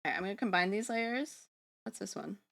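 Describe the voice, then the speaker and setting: Bright-voiced chatty young woman streamer. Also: mid-range voice, a little fast, creaky. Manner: chatty, rambling, playful slang. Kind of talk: casual livestream chat while drawing.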